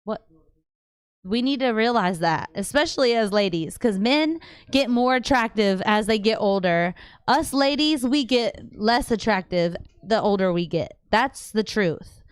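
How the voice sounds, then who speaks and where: A woman's voice: a little high, unhurried, clear, resonant tone, dry recording. Chatty woman hosting a live chat. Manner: chatty, animated, slangy, trails off and restarts. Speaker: livestream host answering viewer questions. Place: home.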